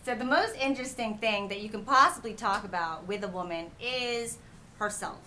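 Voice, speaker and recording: A woman's voice: mid-range voice, normal speed, pushed and bright, a little hiss or hum. A woman from New Jersey with a Jersey accent, a dating coach guest giving candid, blunt advice in a casual chat.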